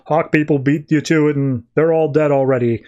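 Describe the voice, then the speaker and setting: A man's voice: fairly high pitch, fairly even intonation, a little fast, warm tone, muffled recording, close to an everyday voice. A man voicing an alien overlord who announces things over an intercom in a mocking, dismissive way. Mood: contemptuous.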